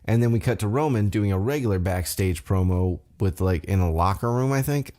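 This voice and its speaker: A man with a fairly low voice hosts his own podcast alone. He rambles casually, swears freely and pokes fun at himself as he recaps. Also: animated, brisk, dark tone. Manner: rambling, profane and self-deprecating. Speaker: podcast host.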